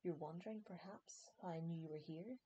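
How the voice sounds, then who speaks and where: A woman's voice: fairly low pitch, brisk, mellow, lo-fi sound, slight background noise, close to an everyday voice. A woman voicing a cold, vengeful male potions professor in an audiobook reading, sneering and menacing.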